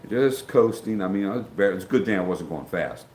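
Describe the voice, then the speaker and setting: Middle-aged man, low voice, rambling livestream chat, roomy echo, faint background hum. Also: animated, brisk, darkish tone. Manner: rambling, greets chat viewers by name. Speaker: livestream host.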